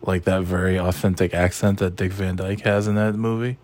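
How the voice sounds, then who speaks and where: A man's voice: sits low, fairly even intonation, a little fast, few pauses, darkish tone, no echo. A man hosting a casual chat, rambling and sarcastic, swearing freely.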